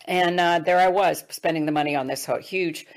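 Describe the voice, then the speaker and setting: A middle-aged woman earnestly telling a personal story, her voice dropping hushed at tender moments. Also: on the low side, fairly even intonation, normal speed. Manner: earnest, drops to hushed tones for quoted advice. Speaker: speaker.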